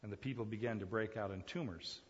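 A man preaching a sermon with big swings in volume, dropping to a near murmur and then rising to loud, high-pitched exclamations. His voice rings with a long hall reverb, and the sound is a little muffled. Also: quick pace. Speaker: pastor.

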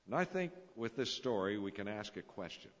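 A man's voice: lowish voice, very animated, brisk. A man preaching a sermon, telling stories with dramatic, swelling emphasis. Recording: dull lo-fi recording in a reverberant hall.

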